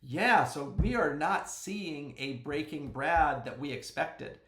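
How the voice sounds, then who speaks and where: A man hosting a casual fantasy sports podcast, chatty and joking, sometimes bursting into a yell. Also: on the high side, takes it slowly, echoey room, loud music behind the voice. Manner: chatty and joking, with sudden yells. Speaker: podcast host.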